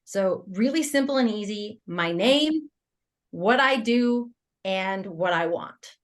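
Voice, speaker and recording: A woman guest on an interview podcast, telling a personal story in a casual, animated way. She laughs often and acts out her own thoughts as quoted lines. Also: mid-range voice, takes it slowly. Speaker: guest entrepreneur.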